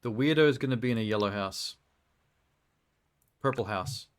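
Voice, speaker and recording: A man's voice: on the low side, normal speed. Joking male streamer. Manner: rambling, joking, laughs often. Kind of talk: casual live-stream chat while playing a game.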